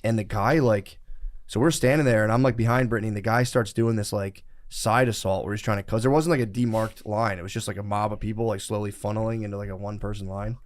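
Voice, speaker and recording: A man's voice: fairly low pitch, fairly even intonation, quick pace. A man, telling a rambling, profane story in casual podcast chat. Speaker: podcast co-host.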